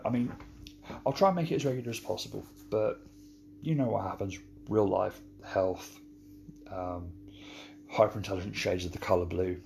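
A man hosting a podcast, signing off in a rambling, halting way that keeps repeating words. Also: fairly low pitch, darkish tone, slight background noise. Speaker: podcast host. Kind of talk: casual podcast sign-off.

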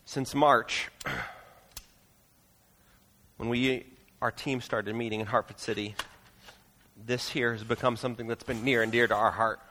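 A pastor preaching a sermon in a church auditorium, earnest and pleading, moving into prayer. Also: male voice, medium pitch, fairly even intonation, a little slow, long pauses, pushed and bright, in a large hall.

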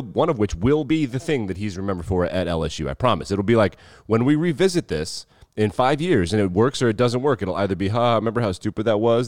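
Guy from the rocky mountains doing his solo sports podcast, deep voice, chatty and sarcastic, dry close mic. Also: darkish tone, no room sound. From Rocky Mountain region of the US. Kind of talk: casual solo podcast chat.

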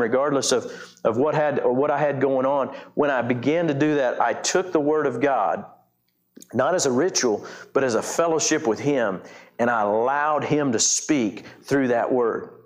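A middle-aged male pastor preaching a conversational sermon, full of restarts, repetitions and rising emphasis. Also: mid-range voice.

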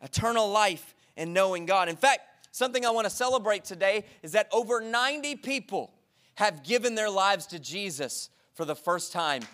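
A man preaching a sermon to his congregation in church, energetic and exhorting, drawing call-and-response from the crowd. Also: sits high, normal speed. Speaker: pastor.

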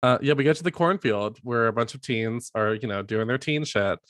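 A man co-hosting a podcast, chatting casually about a horror movie, playful and quick to laugh. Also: medium pitch, no room sound. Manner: animated, laughing often, playful asides. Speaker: podcast co-host.

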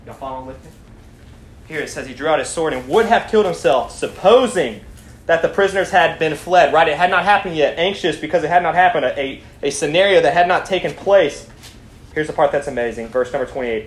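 A man's voice: a little high, a little fast. A young man leading a Bible study, preaching animatedly, asking the group questions and reading scripture aloud. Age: young adult. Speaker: student Bible study leader. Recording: echoey room, faint background noise.

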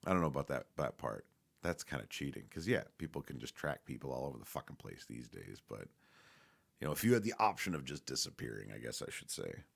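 A man with a very low, deep voice talks in a loose, rambling monologue. He swears freely, leans on fillers and restarts, and laughs now and then as he goes. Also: very animated, quick pace, creaky, husky. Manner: laughs often while talking.

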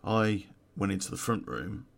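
A man's voice: deep voice, lively intonation, moderate pace, gravelly. A man, telling a true-crime story in a casual, profane way and laughing at his own story.

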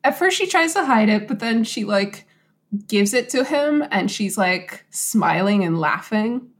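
A woman casually retelling a true story to a co-host, animated and acting out quotes in little voices. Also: medium pitch, unhurried. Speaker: podcast host.

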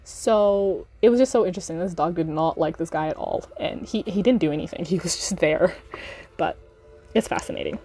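A woman's voice: lowish voice, fairly quick, dark tone. A woman hosting a podcast, chatting casually about a book reread with laughs and fillers. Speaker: podcast host.

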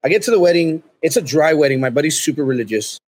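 A man, a podcast guest, telling a rambling, profanity-heavy comedic story in a loose, animated way. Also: a little high, quick pace.

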